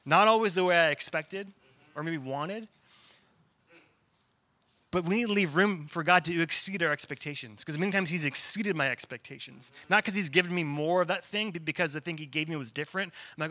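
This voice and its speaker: A man's voice: on the high side, fairly quick, pushed and bright, no room sound. A man preaching a sermon in a casual, conversational way, acting out quoted voices with humor. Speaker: pastor.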